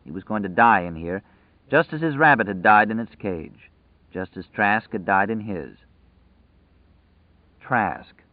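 A man narrating an audiobook in a measured, dramatic storytelling manner. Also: lowish voice, no echo. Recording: dry tinny phone-like sound.

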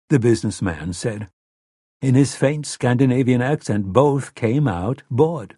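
A male narrator reads the novel in a measured, expressive manner. His middle-pitched voice has a soft husky edge. The recording is close and dry, with no echo. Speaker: audiobook narrator. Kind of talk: scripted narration.

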